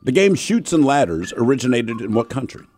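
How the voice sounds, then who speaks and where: A man in his fifties hosts a radio quiz, his pitch jumping all over as he tells stories and acts out the voices he quotes. He sits at a studio mic, with faint music running low underneath. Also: big pitch swings, brisk, darkish tone. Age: 50s. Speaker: radio host and quizmaster. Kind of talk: radio banter and storytelling.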